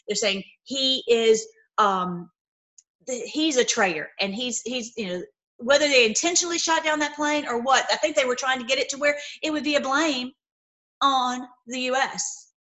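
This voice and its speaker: A woman giving casual livestream commentary, animated and rambling, with frequent restarts and fillers. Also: on the high side. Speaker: online commentator.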